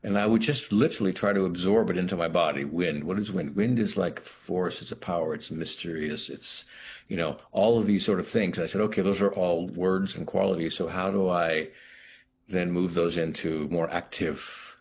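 A middle-aged American actor talking thoughtfully about his craft in an interview, halting and restarting as he thinks. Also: deep voice, steady tone, a little hiss or hum. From United States. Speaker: actor guest. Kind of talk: reflective interview talk.

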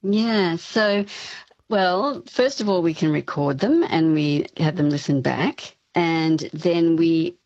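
A woman's voice: fairly low pitch, slow pace, darkish tone, no room sound, dull audio. A woman speech pathology professor explaining her work as a radio interview guest, with frequent ums and restarts.

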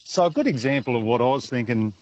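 A man's voice: mid-range voice, animated, fast, darkish tone, muffled recording, slight background noise. A middle-aged Australian man, a truck driver, calling in to radio and telling a story in an easygoing way.

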